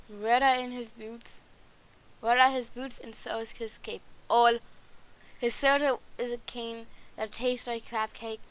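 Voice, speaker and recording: Woman reading as a suave male cat, swashbuckling, plain reading, smooth voice. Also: fairly high pitch, rough recording.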